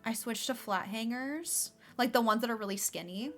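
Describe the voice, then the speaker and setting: Against soft background music, a young woman with a fairly high, somewhat bright voice chats casually at a normal pace while streaming a game, often saying "like."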